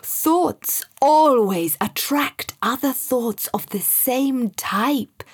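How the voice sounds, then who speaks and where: A woman voicing a calm, wise storybook guide. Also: high voice, husky, pitched above the performer's own voice, full character voice. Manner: slow, calm, coaxing. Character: calm wise male guide, gently encouraging.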